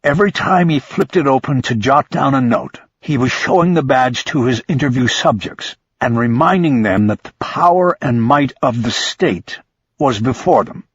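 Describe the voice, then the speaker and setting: Husky male audiobook narrator. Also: mid-range voice, animated, moderate pace, no room sound, highs cut off. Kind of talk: scripted narration.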